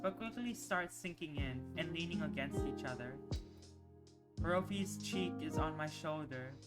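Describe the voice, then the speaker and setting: Soft-voiced woman streamer reading a visual novel. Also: low voice. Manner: soft, slow narration with emotional asides. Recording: music playing underneath.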